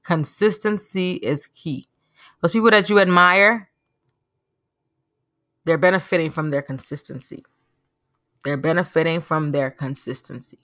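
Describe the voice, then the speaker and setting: Earnest woman podcaster, preachy and lively storyteller, lowish voice, dry studio sound. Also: unhurried, pauses often, dry recording. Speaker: podcast host. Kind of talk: motivational monologue.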